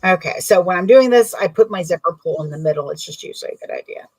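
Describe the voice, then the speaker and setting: A woman's voice: fairly low pitch, lively intonation, fast talker, darkish tone, breathy edge, recorded from a distance, low-quality recording. A woman in a casual sewing tutorial, rambling and correcting herself as she works. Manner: chatty, rambling, self-correcting while working. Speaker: bag maker demonstrating sewing.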